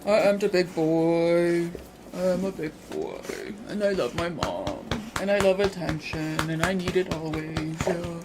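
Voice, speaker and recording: A woman's voice: fairly low pitch, measured pace, over music, close to an everyday voice. A woman voicing her clingy, attention-loving male pet as a goofy, babyish big boy. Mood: silly. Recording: steady background noise.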